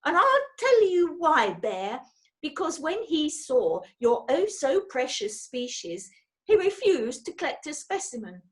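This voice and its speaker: A woman's voice: sits high, expressive, voice pushed up. A woman voicing a bitter, vengeful woman villain who snarls with rage in a storybook reading. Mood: seething. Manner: seething, snarling, slow menacing delivery.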